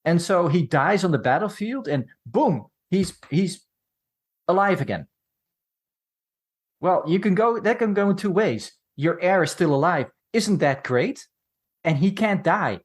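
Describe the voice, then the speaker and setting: A man's voice: sits high, expressive, a little slow, slightly rough. A man co-hosting a film podcast, chatting casually and telling rambling stories with wry, jokey asides. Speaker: podcast co-host.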